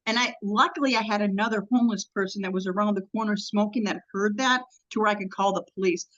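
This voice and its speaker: Woman interview guest, mid-pitched, halting and rambling storyteller, dull lo-fi audio. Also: fairly bright tone. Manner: rambling, halting storytelling with many ums and restarts.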